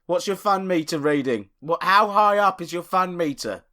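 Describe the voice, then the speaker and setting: A man co-hosting a comedy podcast, bantering with mock outrage and jokes. His voice is high and bright with a sharp, forward edge. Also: expressive, normal speed. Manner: mock-indignant, joking. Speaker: podcast co-host.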